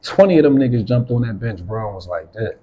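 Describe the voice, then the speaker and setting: A man's voice: mid-range voice, lively intonation, quick pace, muffled recording. A middle-aged man, an interview guest, telling a rambling, profane story in casual talk. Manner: profane, rambling, acts out others' voices.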